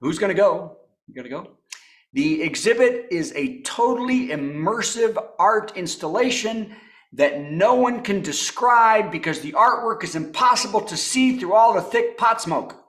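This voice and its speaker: A man with a high voice hosts a comedy show from his apartment over a video call. His delivery swings up and down as he runs through topical one-liners. He keeps chuckling at his own punchlines. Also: animated, measured pace. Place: home apartment.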